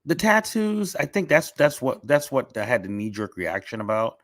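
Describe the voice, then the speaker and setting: A man's voice: mid-range voice, sing-song, moderate pace, fairly bright tone, no echo. A man chatting casually on a podcast, opinionated and restarting often, with a cough drop in his mouth. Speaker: podcast guest. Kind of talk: casual chat.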